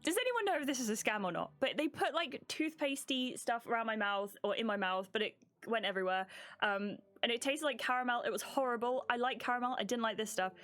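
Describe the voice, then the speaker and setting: A woman's voice: on the high side, brisk, fairly bright tone. A young British woman streamer telling a story in a casual, rambling way to her live chat, with many fillers and restarts.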